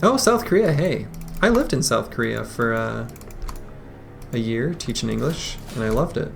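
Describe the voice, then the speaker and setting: A man's voice: medium pitch, a little slow, creaky. A man streaming a strategy game, chatting casually and greeting viewers as he plays. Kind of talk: casual live-stream chat. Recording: faint music behind.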